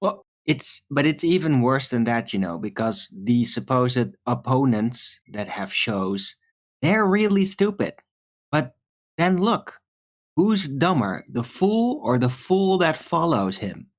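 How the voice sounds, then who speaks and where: Male panelist, mid-pitched voice, musing, slips into philosophical asides. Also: very animated, slow pace. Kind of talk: casual online call-in chat.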